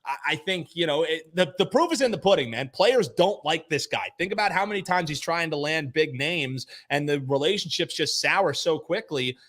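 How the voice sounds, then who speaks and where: A man's voice: on the high side, animated, moderate pace, hardly any pauses, a bit bright. A man, frank and exasperated, chatting as a guest on a sports podcast. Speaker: guest analyst. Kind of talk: casual sports podcast chat.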